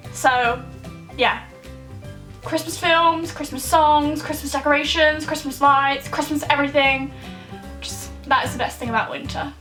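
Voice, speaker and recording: A woman's voice: high-pitched, bright, forceful tone, low-quality recording. A young woman chatting casually in a vlog, reading out viewers' questions and answering them in an upbeat way. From United Kingdom.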